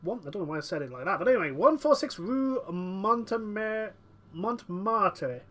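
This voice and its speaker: A man's voice: high voice, animated, moderate pace, a bit bright. A man playing a strategy game who rambles and corrects himself, with lots of fillers. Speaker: gaming commentator. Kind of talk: strategy game let's play.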